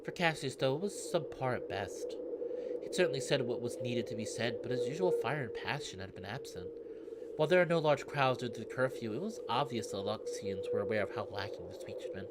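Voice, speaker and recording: A man reading a visual novel aloud in steady narration, breaking into excited asides. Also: medium pitch, fairly quick, very noisy. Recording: narration over loud game music. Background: background music.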